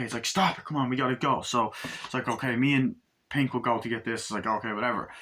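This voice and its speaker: A man giving a casual spoken movie review, rambling through the plot with lots of fillers and swearing. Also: fairly low pitch. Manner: retells scenes by acting out lines in raised, shouty voices, heavy swearing; rambling, loose, filler-heavy retelling.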